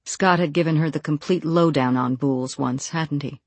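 A narrator reads a novel in a steady, measured way, letting quoted lines drop a little softer. The sound is close and dry, with no room around the voice, and the pitch sits in a middle register. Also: no echo. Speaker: audiobook narrator. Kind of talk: scripted narration.

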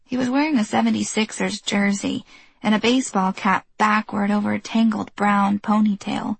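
A woman reading a novel aloud in even, measured audiobook narration. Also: medium pitch, creaky, husky, no room sound.

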